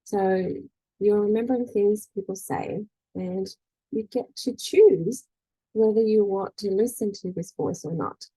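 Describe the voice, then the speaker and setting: Her voice is mid-range, mellow and slightly breathy, moving at a measured pace. A middle-aged woman coaching a faith group as a spiritual energy-healing leader, she keeps the teaching casual and chatty, checking in with "right?", dropping "you know", and acting out quoted voices. The recording is dry and low quality.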